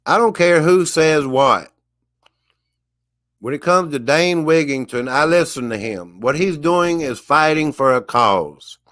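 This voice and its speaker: A man's voice: on the high side, expressive, a little slow, fairly bright tone. Emphatic, preachy man ranting. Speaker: vlogger. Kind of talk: casual monologue rant.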